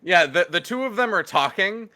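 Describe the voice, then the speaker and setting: A man's voice: sits high, animated, normal speed, bright, forceful tone. A man as game master on a live stream, narrating casually with hesitant fillers, recorded close to the mic at home.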